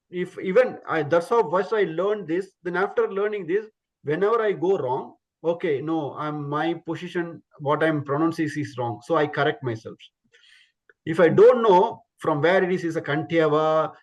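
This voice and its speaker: A man's voice: fairly high pitch, low-quality recording. A man teaching Sanskrit pronunciation in an online class, patiently repeating sounds as demonstrations.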